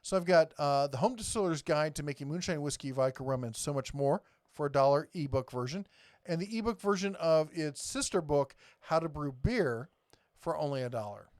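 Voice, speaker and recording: A man's voice: a little high, animated, moderate pace, darkish tone, dry recording, clean studio sound. Joking man hosting a live tool chat. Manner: joking, teasing, rambling. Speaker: live stream host.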